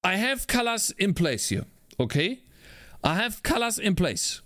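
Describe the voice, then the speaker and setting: A male indie game developer streams himself working, his high voice very animated, unhurried, and a bit bright in a dry, close recording. Frustrated and exasperated, he talks to himself and swears at his work in live-stream chat.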